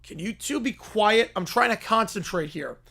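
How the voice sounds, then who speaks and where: A man's voice: high voice, lively intonation, normal speed, gravelly, pushed and bright, heavily acted. A man voicing an irritated, exasperated grown man who mutters in frustration.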